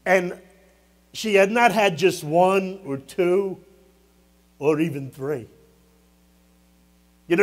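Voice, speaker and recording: High-voiced man preaching a sermon. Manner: preaching with rising emphasis and asides. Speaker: pastor.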